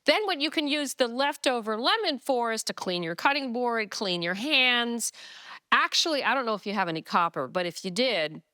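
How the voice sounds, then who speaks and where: A woman's voice: a little high, lively intonation, moderate pace, pushed and bright. A woman TV chef hosting a cooking show, explaining each step in a chatty, enthusiastic way from a studio kitchen on a lapel mic. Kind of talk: cooking demonstration.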